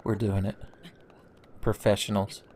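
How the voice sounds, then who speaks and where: A man's voice: fairly low pitch, level tone, a little slow, a little mellow, a little hiss or hum. Joking, profane young male gamer. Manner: joking, profane, rambling, with silly voices. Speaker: let's play commentator. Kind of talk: casual gameplay commentary.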